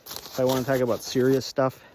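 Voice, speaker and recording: A man's voice: medium pitch, monotone, a little fast, a little mellow, slight background noise. A man talking casually in a walk-and-talk vlog, playful and rambling, often drifting into sing-song and laughter. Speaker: vlogger. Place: outdoors on a walk.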